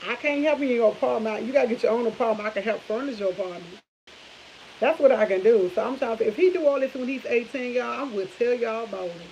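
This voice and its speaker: This woman has a fairly high voice with a darkish tone and talks fast. As a vlog host, she shares casual, rambling stories with viewers, laughing often and restarting a lot, captured on dull lo-fi audio that hisses faintly.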